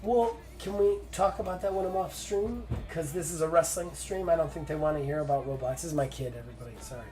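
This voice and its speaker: A man narrating a solo wrestling tabletop game on stream with excited play-by-play and lots of fillers. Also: on the high side, fast talker, soft background music.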